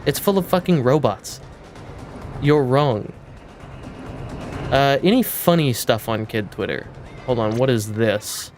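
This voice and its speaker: A young man streaming a game, talking casually and excitedly, swearing freely. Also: mid-range voice, slow, pauses often, faint music behind. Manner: baby-talk to his cat. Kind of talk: casual live-stream commentary.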